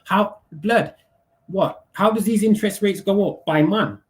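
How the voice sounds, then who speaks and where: Heated high-voiced man. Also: a little slow. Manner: heated, profane, slangy, keeps asking "you get me". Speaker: livestreamer. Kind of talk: casual livestream rant.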